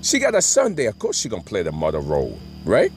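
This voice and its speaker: A man's voice: lowish voice, huge pitch swings, fast, soft background music. A middle-aged man telling a rambling, profane story and often asking "right?". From Brooklyn, New York.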